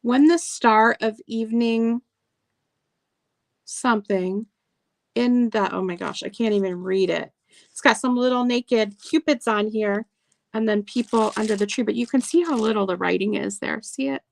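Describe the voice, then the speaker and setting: A woman's voice: medium pitch, a little fast, gravelly, dry recording. A woman hosting a live sale of vintage items, chatting casually and reading old card verses aloud. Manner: chatty, lingers over details, reads card verses aloud. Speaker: online seller showing vintage items. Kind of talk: casual live sales chat.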